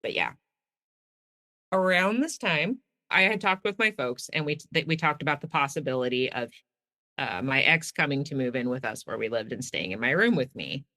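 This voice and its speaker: Woman, guest, casual storytelling, acts out quotes, lively pitch, bright tone. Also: moderate pace. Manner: animated, acts out quoted dialogue. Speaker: guest sharing her story.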